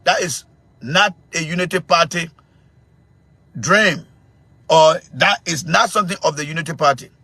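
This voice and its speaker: A man with a Liberian English accent hosting his own show, giving heated, confrontational political commentary full of repetition and bursts of shouting. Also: fairly high pitch, normal speed, long pauses, no echo. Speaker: show host.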